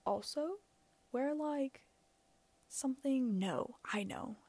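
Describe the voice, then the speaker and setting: A young woman talks through her own solo podcast in a loose, rambling way, poking fun at herself and dropping "like" everywhere. Her voice sits a little high but has a dark, gravelly edge. The recording is close and very dry. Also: lively intonation, takes it slowly, dry recording. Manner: rambling, self-mocking, laughs often, many "like"s. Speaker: podcast host. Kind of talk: casual solo podcast advice.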